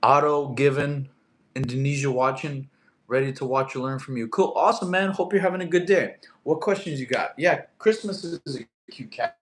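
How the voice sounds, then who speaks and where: A man's voice: medium pitch, moderate pace. A young man from Russia, hosting a casual livestream Q&A, reading chat questions aloud and answering with jokes. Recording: echoey room.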